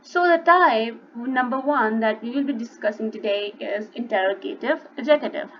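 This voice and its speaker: A woman's voice: fairly high pitch, moderate pace. A woman teaching an online English grammar lesson, explaining step by step, stressing key words and often saying "you know". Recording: dull lo-fi sound with faint background hiss.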